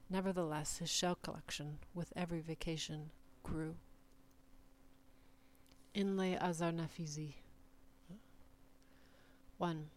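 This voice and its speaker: A woman giving a measured, deliberate reading of short numbered literary passages. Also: deep voice, steady tone. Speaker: reader.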